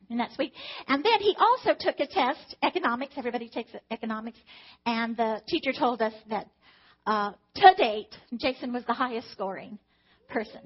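A middle-aged mother sharing a personal testimony about her children, emotional and animated, acting out the dialogue. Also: a little high, slightly rough. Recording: dull lo-fi recording.

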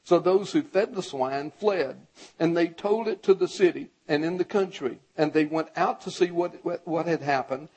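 A man preaching a sermon with a high, husky voice. He reads scripture and talks straight to the congregation, and climbs into a shout when he urges them on. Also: moderate pace, rough recording. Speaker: pastor.

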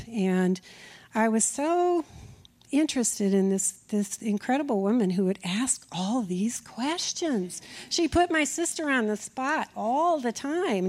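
A woman from Minnesota giving a heartfelt personal eulogy for a friend in a church sanctuary, reminiscing in an unhurried way. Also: medium pitch, darkish tone. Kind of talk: personal eulogy at a memorial service.

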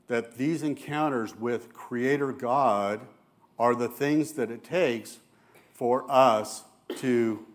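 Guy preaching a sermon, mid-pitched voice, earnest, goes soft and hushed on quotes. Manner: earnest preaching, drops soft and low for Jesus's quoted words. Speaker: elder preaching.

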